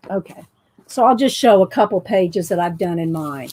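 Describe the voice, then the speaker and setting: A woman's voice: medium pitch, big pitch swings, unhurried, pauses often, dark tone, a little hiss or hum. A woman running a live craft demonstration, chatting with viewers and giggling often as she goes. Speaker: art journaling instructor.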